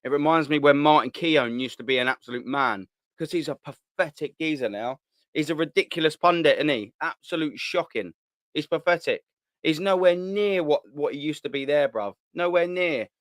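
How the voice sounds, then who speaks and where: A man's voice: on the high side, moderate pace, no echo. A man hosting a casual live stream, reading out viewer comments in a blunt, slangy, sweary way with frequent laughter. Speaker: host of a live fan channel.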